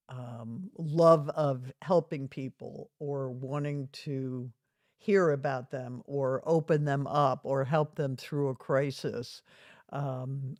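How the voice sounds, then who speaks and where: A woman's voice: rumbling low, dry recording, studio quality. A woman guest, a retired reverend, telling personal stories earnestly with small chuckles. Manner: earnest, chuckles through anecdotes. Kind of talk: storytelling in conversation.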